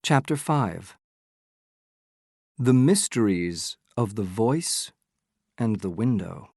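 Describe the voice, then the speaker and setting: A man giving a measured, scripted first-person audiobook narration. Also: fairly low pitch, expressive, gravelly, a little mellow, husky, no echo, studio quality.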